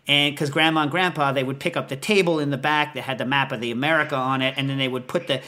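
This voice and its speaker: A man's voice: mid-range voice, steady tone, quick pace, pushed and bright. A man hosting a podcast, telling a rambling comic story full of asides. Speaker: podcast host.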